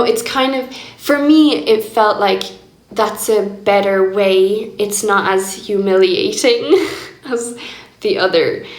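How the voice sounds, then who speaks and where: A young woman speaking candidly and reflectively in a personal diary vlog, laughing often as she talks. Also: medium pitch. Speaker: vlogger. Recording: echoey room.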